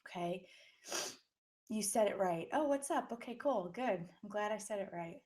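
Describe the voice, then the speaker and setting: A woman's voice: mid-range voice, expressive, moderate pace, darkish tone. Chatty young woman hosting a live webinar. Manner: chatty, friendly, many fillers, greets viewers by name. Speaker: webinar host. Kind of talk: casual live webinar chat. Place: at home. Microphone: own microphone on a live stream.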